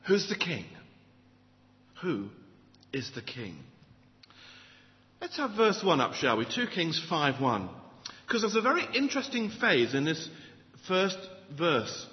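A man's voice: high-pitched, normal speed. A man preaching a sermon, opening with a joke and asking the listeners rhetorical questions. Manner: animated storyteller, rhetorical questions. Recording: dull audio in a reverberant hall.

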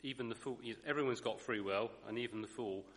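A man's voice: medium pitch, fairly quick, a bit bright, long reverb tail. A man giving a sermon, thoughtful, with dry asides and the odd self-correction. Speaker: preacher.

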